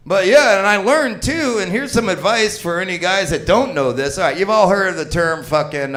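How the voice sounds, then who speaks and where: A fifty-year-old man working a comedy club stage, his voice sitting high for a man. He rambles crudely through his bits and shouts the punchlines into a handheld mic. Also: expressive, brisk, few pauses. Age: 50s. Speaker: stand-up comedian. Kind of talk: profane stand-up set.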